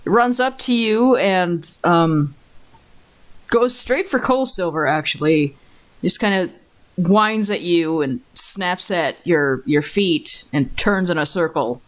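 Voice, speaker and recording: A woman narrating as dungeon master of a tabletop game, relaxed and laughing often. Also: lowish voice, slow. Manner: relaxed, laughing, swears casually.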